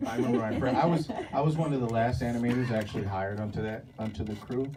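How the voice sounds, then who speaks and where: A man animator telling stories on a panel in a lively way, laughing as he talks. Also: medium pitch, quick pace. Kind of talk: panel reminiscence. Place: panel talk before an audience. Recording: distant mic with clear background noise.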